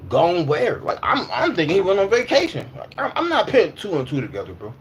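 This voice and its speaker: Pitched high and swooping wildly, this man's fast speech carries a faint hiss or hum. He's in his twenties or thirties, chatting casually on a livestream with plenty of slang and repetition, and he reacts to viewer comments as he talks.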